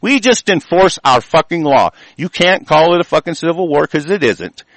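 A man hosting a show, delivering an angry, profanity-laden rant. He stumbles over restarts and swings between yelling and low muttering. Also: expressive, moderate pace, no echo, rough recording.

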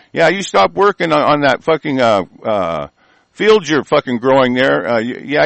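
A man from the United States delivering an angry, profane political rant, swinging from loud outbursts to low muttering. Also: animated, normal speed, creaky, no echo, poor audio.

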